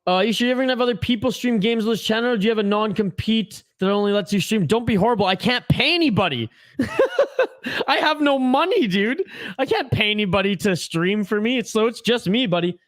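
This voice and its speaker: A man's voice: high-pitched, fast, hardly any pauses, no room sound, studio quality. A man hosting a hockey watch-along live stream, chatting and ranting casually with viewers. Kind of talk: casual live-stream chat and game commentary.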